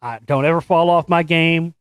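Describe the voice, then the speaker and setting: High-pitched guy ranting on his show, swears a lot, sarcastic, totally dry sound. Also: moderate pace, fairly bright tone, smooth, no echo. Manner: sarcastic, swears freely, mocks what he reads. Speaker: host. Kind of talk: profane political commentary and article reading.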